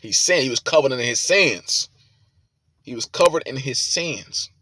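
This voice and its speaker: Male preacher, mid-pitched, dry close sound, reads verses with loud emphasis between profane commentary. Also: lively intonation, unhurried, no echo. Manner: forceful, swearing, rises to loud emphatic reading. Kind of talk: scripture reading with sermon commentary.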